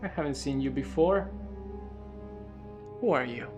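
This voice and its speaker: A man's voice: medium pitch, measured pace, music in the background, natural voice. A man doing Ilvara, a cruel drow jailer. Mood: scornful. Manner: cold, threatening, mocking. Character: cruel female drow jailer, commanding and scornful.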